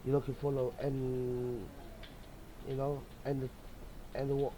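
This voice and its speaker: A man's voice: medium pitch, monotone, a little slow, warm tone, a little hiss or hum, low-quality recording. A man hosting a casual video channel, talking hesitantly and restarting his sentences often. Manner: hesitant, full of fillers and restarts. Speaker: YouTube channel host. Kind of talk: casual vlog talk.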